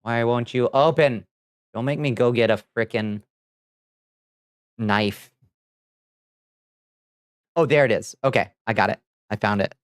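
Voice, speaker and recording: A man's voice: mid-range voice, a little slow, pauses often, clean tone, no room sound. A man streaming casually, playful and theatrical as he chats with viewers while mixing ingredients. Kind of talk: casual livestream chat.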